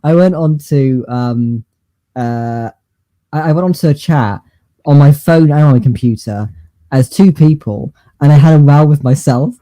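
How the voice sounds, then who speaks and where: Guy rambling on a podcast, lots of ums, warm low-key voice. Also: dry recording. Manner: rambling, halting, lots of fillers and restarts. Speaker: podcast co-host. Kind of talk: casual chat.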